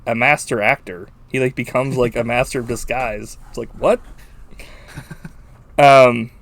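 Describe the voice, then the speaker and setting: A man co-hosting a podcast in casual chat, animated, swearing freely and laughing often. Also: medium pitch, measured pace, vocal fry. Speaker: podcast co-host. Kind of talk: casual chat about a film.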